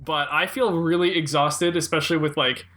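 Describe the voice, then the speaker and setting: Bright, lively podcast co-host man. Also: fairly high pitch, moderate pace. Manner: animated, laughing, rambling. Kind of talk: casual pop-culture chat.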